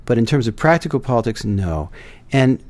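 A man discussing politics on a panel, measured and hesitant, with many fillers and restarts. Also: mid-range voice, very animated, a little mellow, no echo. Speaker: guest commentator.

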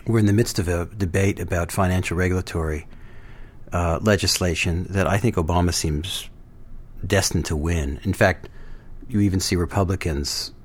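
A man speaks in a somewhat low voice on a political panel. He talks in a measured, hesitant way, pausing on fillers and restarting his sentences. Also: fairly even intonation, breathy edge. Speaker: guest commentator.

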